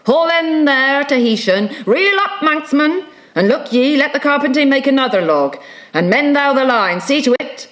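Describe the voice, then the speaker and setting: A woman's voice: mid-range voice, lively intonation, slow. A woman reading an audiobook, voicing a brooding, fierce old sea captain in a declamatory, commanding way.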